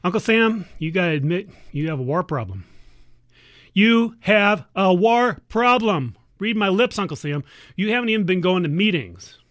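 A woman's voice: fairly low pitch, animated, brisk, lightly acted. A woman playing a nagging, sarcastic niece. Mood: scolding. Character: exasperated woman scolding her warmongering uncle. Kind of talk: satirical radio monologue.

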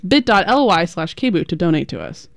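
A woman's voice: on the low side, big pitch swings, brisk, vocal fry, no echo, studio quality. A woman co-hosting a radio show, chatting casually with lots of giggles and filler words, and reading out the station's call-in number. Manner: chatty, giggly, reads out phone number and donation link. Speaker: radio co-host. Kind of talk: casual on-air chat. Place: radio studio.

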